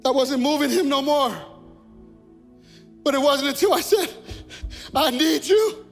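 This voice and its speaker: A man's voice: very high-pitched, normal speed. A man preaching a sermon as pastor, repeating his phrases as he builds intensity. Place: church sanctuary. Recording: long church reverb with faint music.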